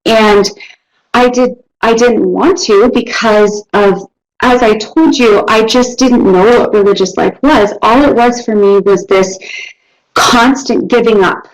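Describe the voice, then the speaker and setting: A young woman with a fairly high voice gives a personal testimony. She speaks earnestly and haltingly, restarting her sentences often, and sounds close to tears at times. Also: steady tone, poor audio. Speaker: school technical staff.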